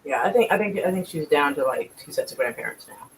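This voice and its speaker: A man's voice: on the high side, animated, fast talker, a little hiss or hum, poor audio. A man chatting casually and at length, rambling and swearing freely. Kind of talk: casual chat.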